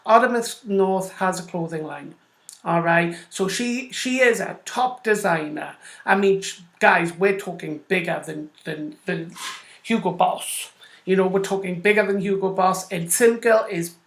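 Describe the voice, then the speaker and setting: Chatty woman host in an echoey room. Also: mid-range voice. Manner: rambling, chatty, addresses listeners directly. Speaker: radio show host. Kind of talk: casual explanatory talk. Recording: roomy echo.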